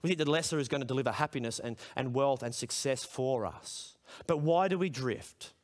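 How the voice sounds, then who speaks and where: A man's voice: medium pitch, fairly quick. A middle-aged man preaching a sermon at a school chapel service, conversational and then emphatic as he puts questions to the room.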